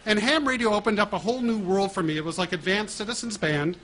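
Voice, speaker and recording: A middle-aged author giving a talk tells stories to an audience, walking around with a wireless mic. His voice sits high and moves quickly, animated as he laughs now and then at his own prank stories.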